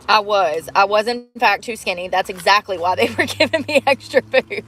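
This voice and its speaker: A woman's voice: mid-range voice, normal speed, hardly any pauses, a bit bright, a little hiss or hum. A woman hosting a casual livestream, talking bluntly to her chat, swearing freely and laughing often. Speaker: livestream host. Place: in a vehicle.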